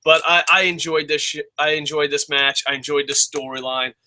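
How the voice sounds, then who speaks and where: A young man giving a casual spoken review of a wrestling show, excitable and swearing freely as he rants. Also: fairly high pitch, normal speed. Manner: excitable, profane ranting.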